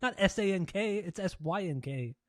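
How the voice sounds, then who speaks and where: A man's voice: high voice, expressive, moderate pace, a bit bright, dry recording, studio quality. Laid-back, swearing podcast guy. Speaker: podcast co-host. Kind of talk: casual chat.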